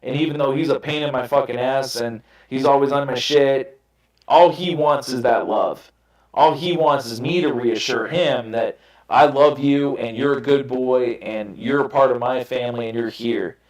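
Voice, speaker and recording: A man's voice: mid-range voice, normal speed. Young male podcast host, candid and profane, rambling storyteller, roomy echoey sound. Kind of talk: casual chat. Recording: roomy echo.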